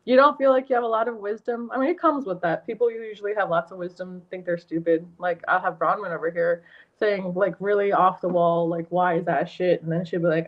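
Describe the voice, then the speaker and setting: A woman's voice: on the low side, brisk. A woman giving a livestreamed energy and tarot reading, rambling with many fillers and restarts. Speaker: energy healer and tarot reader. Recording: lo-fi muffled stream audio.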